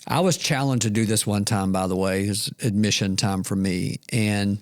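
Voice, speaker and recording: A man's voice: fairly low pitch, normal speed. A man co-hosting a faith podcast, telling stories in a reflective, self-deprecating way. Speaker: podcast co-host. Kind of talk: casual faith discussion.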